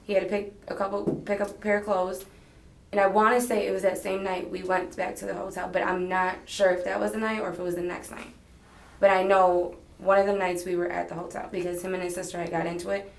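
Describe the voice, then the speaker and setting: A woman's voice: medium pitch, flat delivery, quick pace, vocal fry. A woman giving a rambling, hedging statement in a police interrogation, retelling conversations as she talks. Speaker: interrogation subject. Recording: echoey interrogation room.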